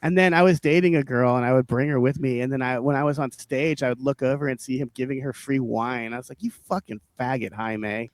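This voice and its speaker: A man telling rambling stand-up stories on a podcast, profane and animated, often laughing and acting out the people he quotes. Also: medium pitch, fast, hardly any pauses, no echo. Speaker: podcast co-host, stand-up comic. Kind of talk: casual storytelling chat.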